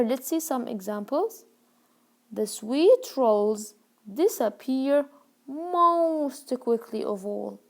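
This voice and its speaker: A woman teaching a grammar lesson, repeating key words slowly and checking that learners follow. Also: on the high side. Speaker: English teacher.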